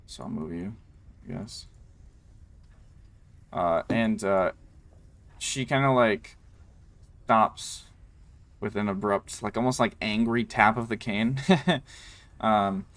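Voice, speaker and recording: A man with a lowish voice narrates a tabletop game as its game master. His delivery is loose and rambling, padded with ums and likes. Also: gravelly.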